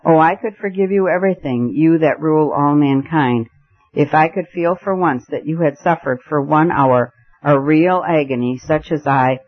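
A man's voice: fairly high pitch, moderate pace, lightly acted. A man reading the part of a bitter, defiant male anarchist in fierce, accusing declamation, on a muffled lo-fi recording. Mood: raging.

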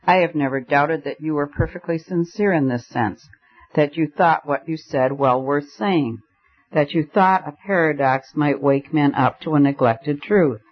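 A man reading as a patient, wry debater. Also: fairly high pitch. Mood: measured. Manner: patient, measured, dryly witty. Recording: slightly muffled lo-fi audio.

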